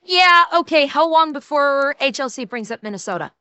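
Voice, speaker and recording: A woman's voice: sits high, animated, moderate pace, sharp tone, dry recording. A woman streamer giving casual, rambling and profane commentary while reacting to a show. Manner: rambling, profane, blunt opinions.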